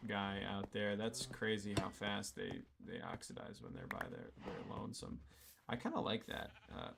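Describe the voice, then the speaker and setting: Gravelly low-voiced gaming commentator. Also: male voice, noisy background. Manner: rambling, joking asides with many fillers. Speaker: gaming channel host. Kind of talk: casual gameplay commentary.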